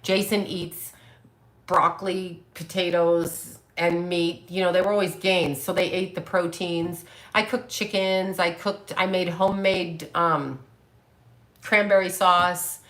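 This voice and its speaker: A woman's voice: fairly low pitch, fairly even intonation, takes it slowly, fairly bright tone. A woman in her late fifties chatting casually on a livestream, reading viewer comments and answering them bluntly with plenty of swearing. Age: 50s. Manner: blunt, profane, talks back to commenters. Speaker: psychic medium livestream host.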